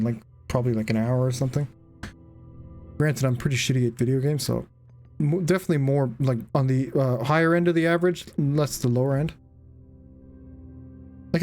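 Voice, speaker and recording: A man's voice: mid-range voice, darkish tone. A tired man streaming a game live, chatting casually with rambling fillers and frequent swearing. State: tired, yawning. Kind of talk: casual live gameplay commentary.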